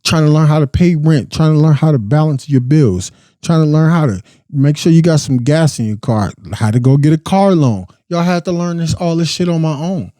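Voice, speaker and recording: A man's voice: a little high, moderate pace, dark tone, no echo. A young adult man hosting a podcast, giving a blunt, profane, impassioned casual monologue. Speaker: podcast host.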